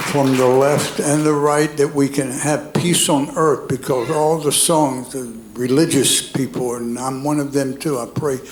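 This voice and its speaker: A man's voice: mid-range voice, noisy background. A man, telling a rambling, folksy stand-up set on a comedy club stage. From North Carolina, USA. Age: 80s. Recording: roomy club with audience laughter.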